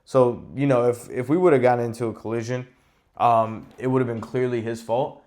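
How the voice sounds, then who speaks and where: A man hosting a podcast, telling stories in a casual, animated and exasperated rant with plenty of swearing. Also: mid-range voice, normal speed. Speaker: podcast host. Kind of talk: casual ranting monologue.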